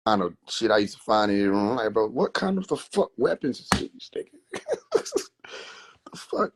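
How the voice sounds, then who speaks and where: Profane, laughing man telling family stories. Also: medium pitch. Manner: profane, laughing, animated storytelling. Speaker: livestream host. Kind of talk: casual storytelling on a livestream.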